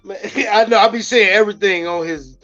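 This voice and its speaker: A man's voice: sits high, brisk, fairly bright tone, dull audio, faint music behind. A man from Memphis hosting a casual podcast, joking and laughing a lot and slipping into mock accents. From Memphis, USA.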